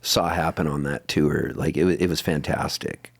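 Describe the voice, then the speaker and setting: A middle-aged man from San Diego, a guest musician telling road stories in a casual interview, animated and quick to laugh. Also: very deep voice, creaky. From San Diego, California.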